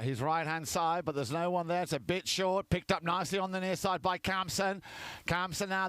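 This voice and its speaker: A man giving chatty live commentary on a polo match, lifting in excitement at goals. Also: high-pitched, clear, resonant tone, dry recording.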